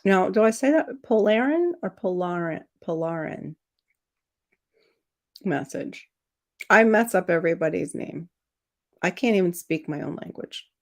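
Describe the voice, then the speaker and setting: Chatty woman with a gravelly low voice. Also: moderate pace. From Florida. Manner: chatty, laughs often, animated mock voices. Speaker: livestream host. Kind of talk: casual chat reading viewer comments.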